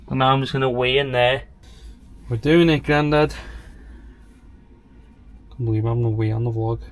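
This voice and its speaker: A young man speaks casually to camera while sitting in a small campervan, a travel vlogger rambling with lots of fillers. His voice is medium in pitch, and there's a slight hiss or hum.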